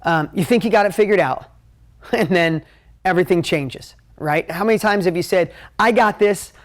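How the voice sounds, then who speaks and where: Energetic male motivational coach. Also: sits high, normal speed. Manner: energetic, emotional, conversational. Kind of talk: live motivational talk at a whiteboard.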